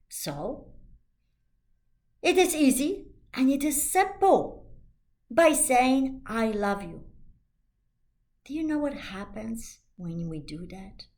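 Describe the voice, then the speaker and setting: Slow, emphatic woman life coach. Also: fairly high pitch, darkish tone. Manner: slow, emphatic and soothing, with repeated affirmations. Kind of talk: motivational talk.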